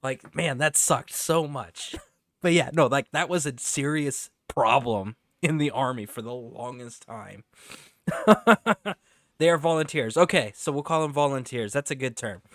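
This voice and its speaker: A male game streamer talking to his chat in a relaxed, rambling way. He laughs often, swears freely, and slips into storytelling between bits of gameplay. His voice sits at an ordinary, middle pitch. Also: unhurried, no room sound.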